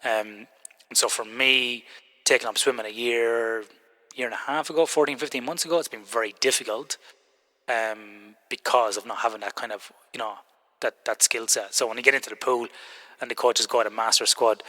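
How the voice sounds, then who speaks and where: Guy hosting a podcast, talks quick, bright forceful voice, always cracking jokes. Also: medium pitch, fairly even intonation. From Ireland. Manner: joking, teasing, quick and chatty. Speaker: podcast host. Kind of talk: casual interview chat.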